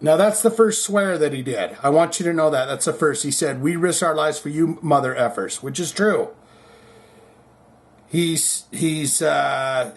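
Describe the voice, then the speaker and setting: A man giving crude, jokey, animated play-by-play commentary on a concert clip. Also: on the high side, creaky. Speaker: video commentator. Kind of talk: excited video commentary. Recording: loud background noise.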